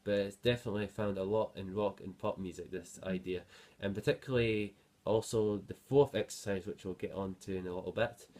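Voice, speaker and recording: Low flat-voiced male guitar teacher. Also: brisk, few pauses. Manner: counts beats aloud, relaxed explanations with fillers. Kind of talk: music lesson. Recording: guitar playing behind voice.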